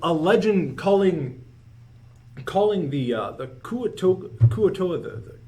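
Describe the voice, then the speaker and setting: A man playing a tabletop game in casual chat, halting and repeating his words. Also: sits high, big pitch swings, warm tone. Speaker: player.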